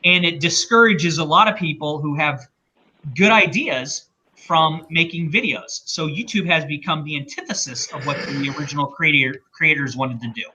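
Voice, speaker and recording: Bright, animated ranting man. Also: fairly high pitch, normal speed, a little hiss or hum. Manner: rambling, opinionated, animated. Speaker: co-host. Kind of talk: casual rant on a livestream.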